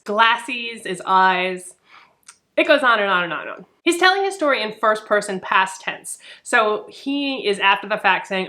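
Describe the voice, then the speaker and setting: Young adult woman, bright voice, chatty, animated, casual book vlog, lots of fillers. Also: mid-range voice, unhurried. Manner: chatty, animated, frequent "like" and "really". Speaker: book reviewer.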